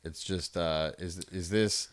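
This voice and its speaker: Slow, smooth Long Island man. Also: sits low, steady tone, no echo, clean studio sound. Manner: rambling, swears, laughs often. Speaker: streamer hosting prank calls. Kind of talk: casual stream banter.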